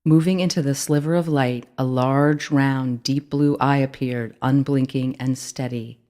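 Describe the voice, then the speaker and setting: An author reading their own children's book aloud, in clear, steady storytelling narration. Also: mid-range voice, unhurried.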